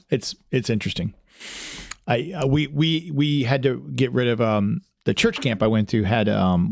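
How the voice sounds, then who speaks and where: A man hosting a casual podcast with a gravelly voice of ordinary pitch. He talks in a friendly, rambling way, full of fillers and restarts. The recording is dry, with no room sound. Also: a little mellow, no echo. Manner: friendly, chatty. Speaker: podcast host.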